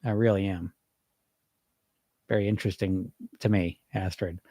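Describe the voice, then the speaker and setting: Energetic rambling male coach, dry sound. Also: low-pitched, normal speed, no echo. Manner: energetic, rambling, frequent restarts and asides. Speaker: weight loss coach and podcast host. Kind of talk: casual live Q&A talk.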